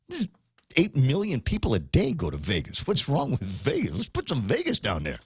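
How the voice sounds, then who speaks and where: A man hosting a talk radio show, ranting in an animated, conversational way. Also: on the high side, a little fast, husky, no echo, clean studio sound.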